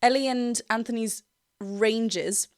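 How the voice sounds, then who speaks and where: A woman's voice: on the high side, slow, no echo, studio quality. A woman vocal coach giving an enthusiastic analysis in a reaction video, often laughing and breaking into short sung demonstrations. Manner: laughs often while explaining.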